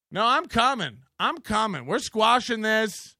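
A man's voice: high-pitched, pushed and bright, no room sound, clean studio sound. A man hosting a live online show in casual commentary, profane and mocking, laughing often.

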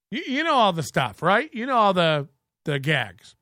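A man's voice: high voice, huge pitch swings, normal speed, bright, forceful tone, dry recording, clean studio sound. A man hosting a comedic commentary show, mocking clips and ranting with a joking edge. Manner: mocking, ranting, mimics others in exaggerated voices. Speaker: show host.

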